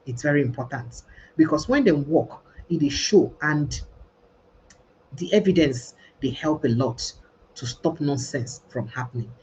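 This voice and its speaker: A woman's voice: low voice, lively intonation, unhurried, mellow, a little hiss or hum. A Nigerian woman hosting a podcast livestream, talking emphatically and mixing Pidgin with English. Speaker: podcast host. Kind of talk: casual livestream discussion.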